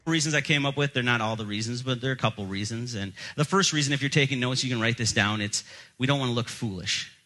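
A man's voice: mid-range voice, quick pace, sharp tone, rough recording. A young adult male pastor preaching a sermon, telling jokey, self-deprecating stories from his childhood.

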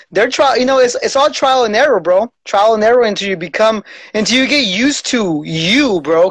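Man, forties, podcast host, laid-back, slangy, high voice, dry close sound. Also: dry recording. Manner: laid-back, slangy, says "bro" often. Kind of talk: casual conversation.

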